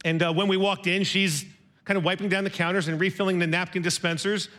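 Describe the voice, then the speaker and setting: A man's voice: high-pitched, steady tone, quick pace, a bit bright. A middle-aged man preaching a sermon, telling a personal story in a conversational, self-deprecating way with quoted dialogue.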